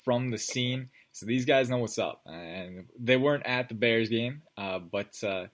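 A man's voice: medium pitch, a little slow. A man hosting a sports podcast, chatting casually with loose, filler-heavy talk. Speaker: podcast host.

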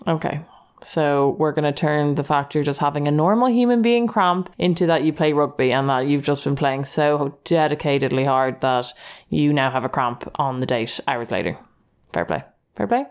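A woman's voice: sits low, moderate pace. A young woman hosting a chat show, telling listener stories in a casual, chatty way, laughing often and saying "like" a lot. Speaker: podcast host reading listener stories.

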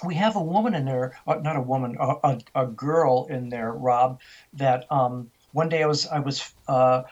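A man's voice: mid-range voice, moderate pace, darkish tone, muffled recording. An older man, a guest on an interview show, telling vivid stories and acting out the dialogue. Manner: vivid storyteller who acts out dialogue. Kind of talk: storytelling interview.

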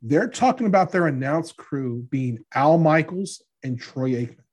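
A man's voice: on the high side, lively intonation, unhurried, darkish tone. A middle-aged man co-hosting a casual sports podcast, chatty and joking, often trailing off and restarting. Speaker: podcast co-host.

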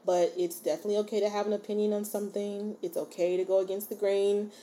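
A woman hosts a solo podcast in a casual, chatty way, with a mellow, warm tone at a middle pitch. She speaks to her listeners directly and encourages them, and she often pauses to check in with them. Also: little pitch movement. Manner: chatty and informal. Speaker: podcast host.

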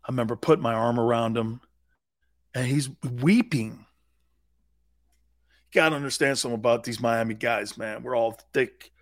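A man hosting a sports talk radio show, telling stories with emphatic repetition and growing excitement. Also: mid-range voice, normal speed, pauses often, no room sound, studio quality.

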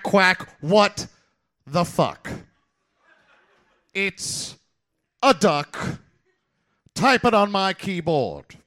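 A man performing a comic slam poem live, theatrical, swinging from loud outbursts to low mutters. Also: vocal fry. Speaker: slam poet.

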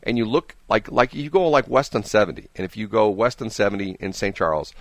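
A man's voice: fairly low pitch, animated, a little fast, dry recording. A man hosting a radio morning show, telling rambling, jokey stories in casual on-air banter and often repeating his words. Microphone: studio microphone.

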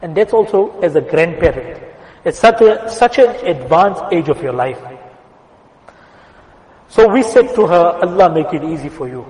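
A man giving a Friday sermon in a mosque, telling stories earnestly and slowing down, dropping to a softer voice for quoted words. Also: on the high side, expressive. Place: mosque prayer hall. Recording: echoey hall with long reverb.

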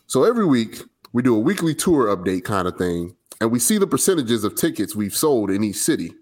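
A man's voice: on the low side, big pitch swings. A man co-hosting a talk show, playful and hyped in casual chat. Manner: playful, hyped, quick to laugh. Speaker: co-host.

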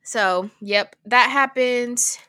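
A woman's voice: a little high, sharp tone. Sarcastic giggly young woman podcaster. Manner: sarcastic, giggly, talks over her co-host. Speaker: podcast co-host. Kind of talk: casual recap chat.

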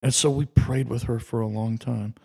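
A man's voice: medium pitch, fairly even intonation, moderate pace, vocal fry, dark tone, breathy edge. A man in street ministry, telling a heartfelt testimony in an earnest storytelling way. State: emotional, voice breaking. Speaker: street ministry outreach leader.

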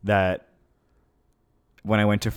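Man, podcast co-host, casual chat, lively swearing storyteller, deep voice, dry close sound. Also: takes it slowly, clear, resonant tone, no room sound.

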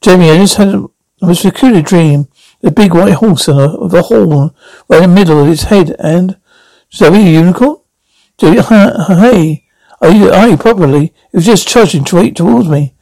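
A man's voice: high-pitched, creaky, mellow, no echo, low-quality recording. Guy reading a young sidekick stumbling thru a dream story, dry close sound. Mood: uneasy. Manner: hesitant, halting storytelling. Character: young Scottish male companion telling a dream.

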